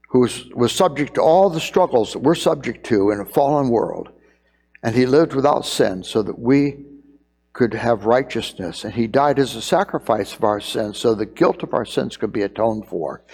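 A man's voice: mid-range voice, darkish tone, big-room sound. A middle-aged man preaching a sermon, earnest and emphatic, repeating key phrases as he builds his point. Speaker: pastor.

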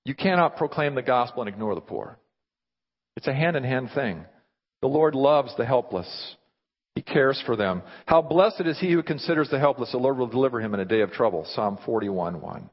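A man preaching a sermon in an animated way, often throwing rhetorical questions at his listeners. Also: medium pitch, moderate pace, husky. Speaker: pastor. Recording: dull sound with long hall reverb.

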